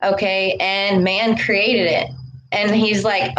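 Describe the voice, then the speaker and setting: Slow-talking woman preaching casually. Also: medium pitch, level tone, fairly bright tone, lo-fi sound, slight background noise. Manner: preachy, repeats "okay" and "all right". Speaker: spiritual vlogger. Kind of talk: casual spiritual talk to camera.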